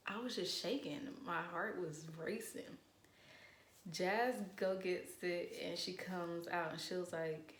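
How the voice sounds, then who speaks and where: A young woman in casual storytime chat, animated and profane, acting out what people said. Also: on the low side, echoey room, a little hiss or hum. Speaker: vlogger.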